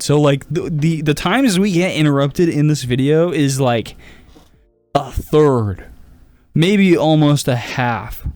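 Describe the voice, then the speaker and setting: A man's voice: mid-range voice, darkish tone. A young man hosting a podcast, talking casually and self-critically to his listeners, rambling and swearing often. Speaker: podcast host. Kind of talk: casual solo talk to listeners.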